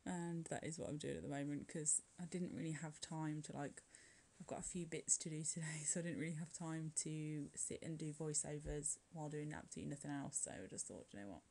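A woman's voice: deep voice, brisk, creaky, hardly any pauses, dark tone. A woman chatting casually through a nail art voice-over, rambling with frequent light laughs and filler words. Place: at home, curling her hair while recording.

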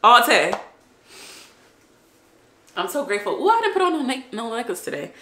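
A woman's voice: fairly high pitch, big pitch swings, moderate pace, pushed and bright, slight background noise. A young woman vlogging to camera, emotional at first and then chatty and upbeat with her viewers. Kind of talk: emotional casual vlog talk to camera. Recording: echoey room.

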